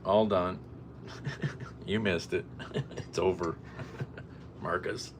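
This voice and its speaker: A man's voice: sits low, fairly even intonation, very slow. A man vlogging his day at home, talking to himself while he cooks and does chores. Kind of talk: casual daily vlog. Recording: noisy room ambience.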